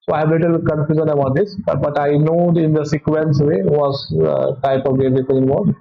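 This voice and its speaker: A man with an Indian English accent, a physics teacher walking through test solutions in a halting way, often correcting himself. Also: on the high side, flat delivery, vocal fry. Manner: halting, self-correcting explanation with many "okay"s. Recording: dull lo-fi audio.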